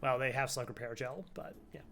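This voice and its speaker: A man's voice: mid-range voice, brisk, gravelly, music in the background. A man casually reviewing a game run, laid-back, critiquing it with short quips. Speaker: co-host reviewing the old run.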